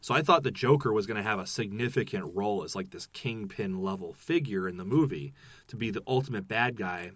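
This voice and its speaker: A man co-hosting a movie review podcast, talking in a loose, profane, excitable way. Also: lowish voice, a little fast, no echo. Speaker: podcast co-host. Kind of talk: casual movie review chat.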